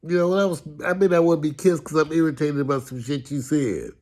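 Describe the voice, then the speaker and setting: A man telling humorous stories about his upbringing in a sarcastic, animated way, with casual swearing. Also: a little high, quick pace. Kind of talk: humorous storytelling talk.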